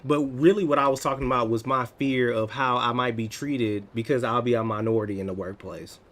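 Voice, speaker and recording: American guy in his 30s, casual stream chat, animated and teasing, laughs a bunch. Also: mid-range voice, a little fast. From United States. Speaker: livestreamer answering chat.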